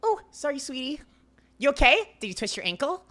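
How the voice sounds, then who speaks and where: A man voicing a bubbly, excitable young woman in a visual novel read-aloud, gushing and squealing. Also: very high voice, fairly quick, voice pushed up, full character voice. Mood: chirpy.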